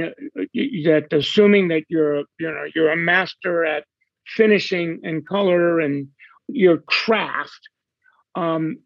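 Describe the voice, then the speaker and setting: Man, high voice, slow halting talk, muffled dry sound. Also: no echo. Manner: hesitant, many fillers and restarts. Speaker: hairstylist guest. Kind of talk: casual podcast chat.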